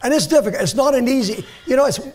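An older man, a pastor, preaching a sermon in a church and reading scripture slowly and earnestly. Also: very high voice, expressive, a little mellow. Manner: earnest, repeats words, reads scripture slowly. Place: church sanctuary.

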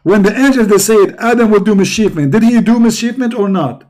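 A man with an Arabic accent, hosting a heated debate, who argues forcefully, cuts in and repeats himself. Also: high voice, fast, rough recording. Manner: forceful, interrupting, repetitive. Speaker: debate host.

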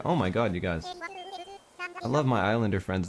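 A man streaming a game, chatting casually in an excitable, playful way and reading game text aloud. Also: on the low side, a little fast, long pauses. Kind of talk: casual gameplay chat.

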